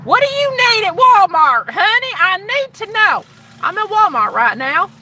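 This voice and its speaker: A woman's voice: very high voice, sing-song, measured pace, pushed and bright, voice pushed up, heavily acted. A woman voicing a chatty Southern store clerk who drawls and calls everyone honey. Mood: chirpy. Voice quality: drawling, sing-song, calls people honey.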